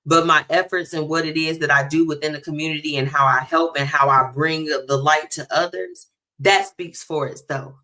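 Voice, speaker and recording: Woman host, low-ish bright voice, animated, talks straight to her listeners. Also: moderate pace. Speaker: radio show host. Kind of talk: casual chat segment.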